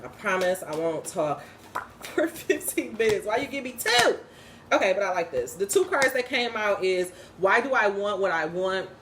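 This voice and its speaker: A woman's voice: medium pitch, very animated, moderate pace, a bit bright, reverberant, slight background noise. A woman speaking who gives a casual inspirational talk, emphatic and slangy, swearing freely and laughing often. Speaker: spiritual vlogger and host.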